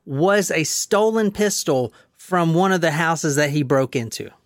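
A man with a notably high voice hosts a loose true-crime chat. He drifts between reading quotes and joking, swearing freely and laughing often. The sound is dry and close, with no room around it. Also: lively intonation, a little slow, dry recording. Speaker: host.

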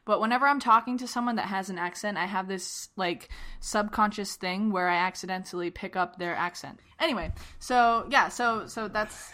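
A woman co-hosting a podcast, chatting in an animated, playful way. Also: medium pitch, normal speed. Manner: animated and chatty, loves doing accents. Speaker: podcast co-host. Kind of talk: casual chat.

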